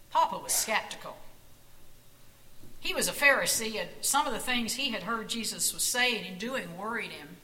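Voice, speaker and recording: A woman reading a children's Bible story aloud, slow and expressive. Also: a little high, a little hiss or hum, low-quality recording.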